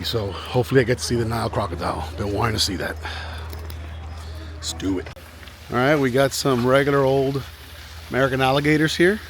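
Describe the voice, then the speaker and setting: A man hosting a casual travel vlog, walking outdoors with a handheld camera and chatting excitedly, often dropping to a hushed voice. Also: medium pitch, slight background noise. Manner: chatty, exclaims at animals, drops to hushed voice. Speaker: vlog host. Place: outdoor animal park.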